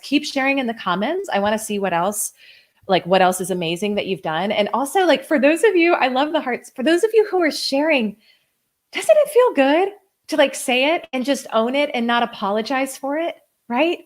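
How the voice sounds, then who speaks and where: A woman in her thirties hosting a live coaching stream, reading viewer comments aloud in a gushing, effusive way, full of "like" and exclamations. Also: on the high side. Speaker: host and coach.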